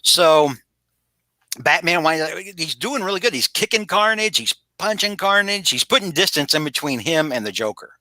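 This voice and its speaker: A man's voice: a little high, expressive, moderate pace, bright, forceful tone, dry recording. A man co-hosting a casual podcast, rambling and restarting as he recaps a story and acts out bits of dialogue. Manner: rambling, many restarts and acted-out quotes. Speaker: podcast co-host.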